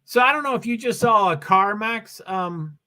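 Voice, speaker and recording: A man with a high voice talks casually through a livestream of a race. He rambles, trips over his own sentences and restarts them, and keeps chatting to his viewers. He speaks from a desk mic at home. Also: lively intonation, normal speed, pushed and bright. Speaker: livestream host. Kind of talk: casual live commentary on a race stream.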